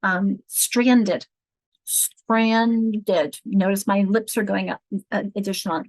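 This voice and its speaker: A woman's voice: medium pitch, level tone, moderate pace, dry recording, low-quality recording. A woman leading a teacher-training session on reading, explaining patiently and checking in with rhetorical questions. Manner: explanatory, counts words aloud and asks rhetorical checks. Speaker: literacy trainer.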